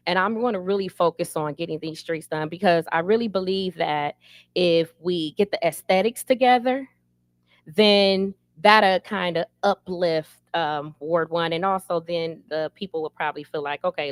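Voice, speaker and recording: A woman's voice: on the low side, no room sound, studio quality. Council candidate, woman, middle-aged, candid and emphatic. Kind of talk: interview answers.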